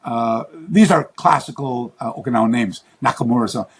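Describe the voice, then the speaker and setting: A man's voice: mid-range voice, moderate pace, husky. A man, a karate teacher and researcher, telling long rambling stories in an interview, often restarting his sentences and acting out the voices of others. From Western. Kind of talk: interview storytelling.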